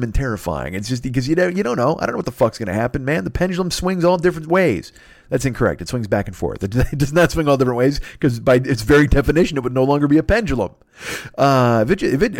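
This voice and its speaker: Man, 50s, profane comic podcast rambler, quick delivery, mid-pitched. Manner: profane, riffing, acts out silly voices. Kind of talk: rambling comedic monologue.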